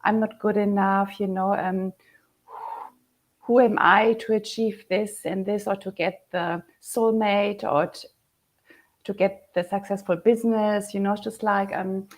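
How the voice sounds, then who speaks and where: A woman co-hosting a live discussion, affirming her guest and calmly explaining with fillers. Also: medium pitch, unhurried.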